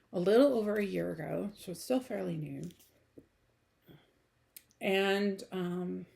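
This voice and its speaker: A woman with a raspy morning voice giving a casual book review, rambling with lots of ums and restarts. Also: on the low side, warm tone.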